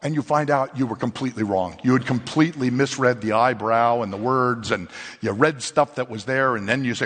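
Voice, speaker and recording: A male pastor preaching a sermon in an animated, conversational way, full of rhetorical questions. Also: mid-range voice, a little fast, long reverb tail. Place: church sanctuary.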